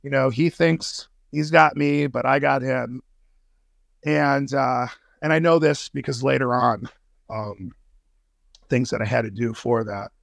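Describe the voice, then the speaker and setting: An intelligence analyst guesting on a podcast speaks with vocal fry at a medium pitch and a measured pace. His casual interview talk is slangy and profane, packed with fillers and restarts. No room sound.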